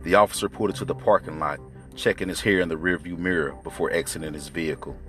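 Deep-voiced male storyteller. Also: steady tone, fast, fairly bright tone, soft background music. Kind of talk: scripted narration.

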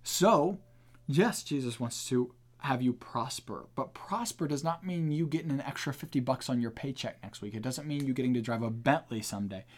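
A man's voice: medium pitch, moderate pace. A man hosting a podcast and teaching on the Bible in an earnest, emphatic, casual way.

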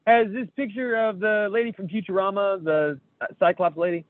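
A man's voice: high-pitched, steady tone, moderate pace, no echo. A man co-hosting a casual chat, reading memes aloud with jokes and swearing. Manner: jokey, self-deprecating, swears freely. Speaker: podcast co-host. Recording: tinny phone-like sound.

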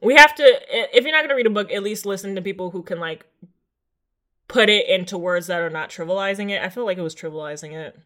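A woman's voice: mid-range voice, quick pace, a bit bright. A woman co-hosting a casual podcast chat, talking bluntly and wryly as she steers the conversation. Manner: blunt, wry, leads the conversation. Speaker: podcast co-host.

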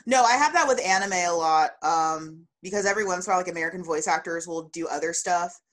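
Woman, slightly low voice, chatty podcast co-host, animated, filler-heavy. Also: quick pace. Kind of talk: casual chat.

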